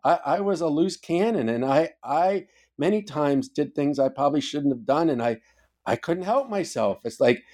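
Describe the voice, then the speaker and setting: Here an older man, a former Coast Guard officer, is guesting on a podcast for a casual storytelling chat, emphatic and quick to swear. His voice is a little high and a little mellow, animated, at a moderate pace.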